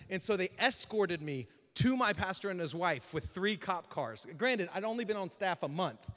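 A male pastor telling a story in a sermon, animated, dropping to a hush and then rising loud. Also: high-pitched. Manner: animated, swings between hushed and loud. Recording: long hall reverb.

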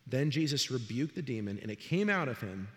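A man's voice: mid-range voice, a little fast, long reverb tail. A middle-aged man, a pastor, preaching a sermon in a church and telling stories with acted-out voices. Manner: animated storytelling, acts out voices. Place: church sanctuary.

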